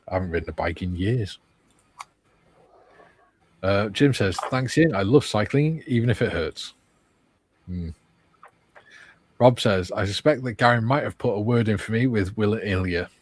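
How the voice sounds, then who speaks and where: A man's voice: on the low side, breathy edge, dry recording. A man hosting a casual livestream, reading viewer comments aloud and chatting. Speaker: livestream host reading chat.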